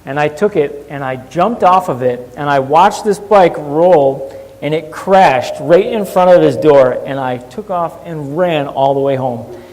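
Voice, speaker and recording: Animated male pastor in an echoing hall. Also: on the high side, a little slow, a little hiss or hum. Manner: animated, shifting from hushed to lively. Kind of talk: sermon storytelling. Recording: long hall reverb.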